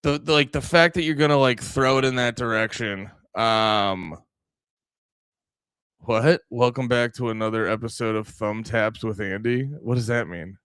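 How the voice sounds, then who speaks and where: A man's voice: mid-range voice, normal speed, fairly bright tone, clear, resonant tone, no echo. A man hosting a livestream podcast, ranting angrily and profanely, rambling with many restarts into a close mic.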